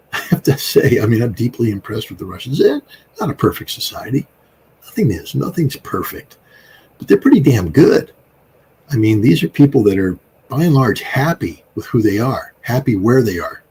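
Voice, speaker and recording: A man's voice: on the low side, a little mellow, a little hiss or hum. A middle-aged man from the United States, a guest commentator talking in a rambling, emphatic way, with many fillers and restarts. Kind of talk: conversational political commentary.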